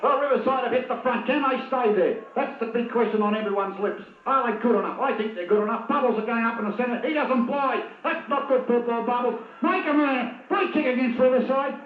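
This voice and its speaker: An Australian man giving live football commentary, excitable and openly biased toward one side. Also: extremely high pitch, a little fast, few pauses, a little hiss or hum. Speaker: match commentator. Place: at a football ground. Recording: tinny, echoey 1980s video tape.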